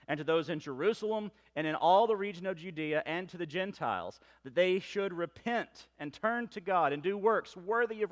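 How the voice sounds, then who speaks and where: A man with a Southern US accent, a pastor preaching a sermon, reading scripture quietly, then building to loud, emphatic questions. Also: on the high side.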